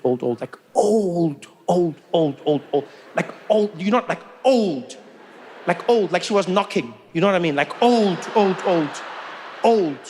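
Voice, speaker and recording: Animated South African comedian, high voice. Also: male voice. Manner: animated, repetitive for comic effect. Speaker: stand-up comedian. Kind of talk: stand-up comedy storytelling.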